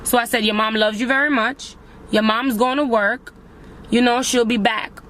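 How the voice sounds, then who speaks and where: Woman, young adult, emotional personal vlog, higher pitch, speaks to viewers. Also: steady tone, moderate pace, fairly bright tone, a little hiss or hum. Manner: emotional, addresses viewers as guys. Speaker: vlogger.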